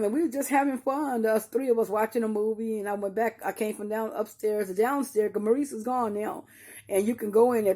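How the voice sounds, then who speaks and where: A fairly high, warm voice belongs to an older grieving mother telling her viewers a personal story. She addresses them directly as "y'all," often repeating herself and starting sentences over as painful memories come up.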